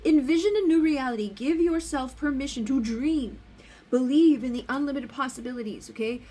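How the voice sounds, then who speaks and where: A woman's voice: sits high, brisk, dark tone, soft background music. A woman giving a casual oracle card reading, talking in a blunt, rambling way and swearing freely. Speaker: spiritual card reader.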